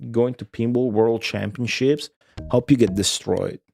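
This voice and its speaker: A man's voice: medium pitch, measured pace, vocal fry, darkish tone, soft background music. A young man streaming a retro game, chatting casually and profanely with his viewers and answering their messages. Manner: profane, offhand, answers chat. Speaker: streamer playing retro games. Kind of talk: casual live-stream chat.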